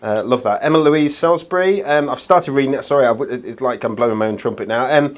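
A man's voice: medium pitch, quick pace. Chatty man hosting a craft show. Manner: chatty, reads viewer comments aloud. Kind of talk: casual live shopping chat.

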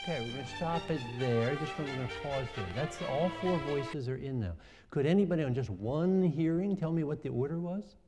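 A man's voice: a little high, normal speed. A man giving a university music lecture, talking conversationally, questioning students and often restarting sentences. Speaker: music professor. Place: lecture hall. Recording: reverberant lecture hall recording.

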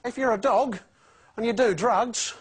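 A foul-mouthed Australian ex-con reading to kids. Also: male voice, very high-pitched, a little slow, husky, full character voice. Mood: crude storytelling. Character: crude swearing ex-convict man, menacing yet jovial. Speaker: comedy sketch performer. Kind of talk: parody children's story reading. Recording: studio audience laughter and noise.

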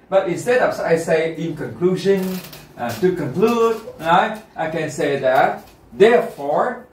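Brief: male teacher running a lesson, a bit high, in a roomy classroom heard from across the room. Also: a little mellow. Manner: checks in often with students, repetitive and encouraging. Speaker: English test teacher. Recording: roomy classroom, mic far off.

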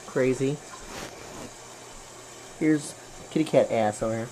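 A woman's voice: sits low, unhurried, pauses often, background noise. A woman at home by a garden pond, talking to her pets in cooing, teasing baby-talk and playful meows. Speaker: pet owner.

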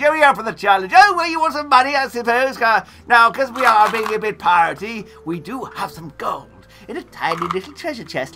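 A woman in costume, hosting a live role-play adventure and chatting playfully with viewers, swinging from hushed asides to booming announcements. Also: very animated, moderate pace, faint music behind. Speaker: costumed storyteller and game master. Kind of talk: live role-play storytelling to a streaming audience.

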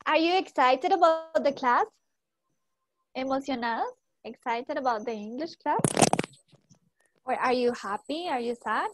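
A woman's voice: sits high, lively intonation, a little slow, long pauses, rough recording. A young woman teaching an English class to students, asking many short questions and switching into Spanish to explain.

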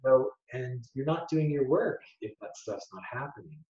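A man's voice: mid-range voice, lively intonation, normal speed, a crowd in the background. A man speaking as a psychologist guest in a casual interview, reflective, quoting sayings and laughing often. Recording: roomy, dull sound.

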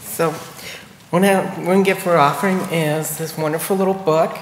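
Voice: mid-range voice, fairly even intonation, moderate pace. A committee member presenting a gift of collected notes, speaking hesitantly with fillers. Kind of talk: informal presentation. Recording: echoey hall, faint noise.

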